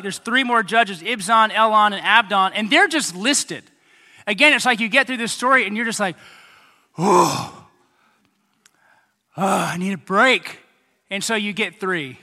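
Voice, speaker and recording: A man preaching a sermon as pastor, animated, acting out voices and making sound effects. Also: high-pitched. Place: church hall. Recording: hall reverb.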